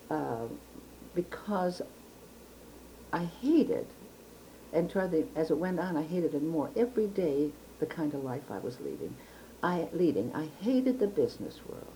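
An older woman from Chicago, in the United States, recalls her life in an oral history interview, reflective and precise but restarting often. Her low-pitched voice is very animated yet measured in pace, with a dark tone, and the recording is rough with slight background noise.

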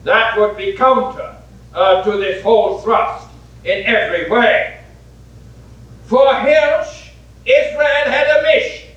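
A man giving an academic lecture in a deliberate way, repeating his key points for emphasis. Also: extremely high pitch, fairly bright tone. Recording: echoey, muffled hall recording from a distance.

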